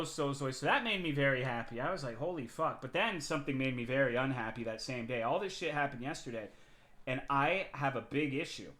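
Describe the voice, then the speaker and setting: A man's voice: mid-range voice, a bit bright. A man telling a long work story on his live stream in a casual, profane, rambling way, often restarting his sentences.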